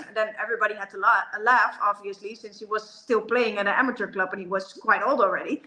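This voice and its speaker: A woman's voice: mid-range voice, fairly even intonation, quick pace, few pauses, pushed and bright, reverberant, poor audio. A woman from the Netherlands chatting about a player with many fillers. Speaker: football pundit.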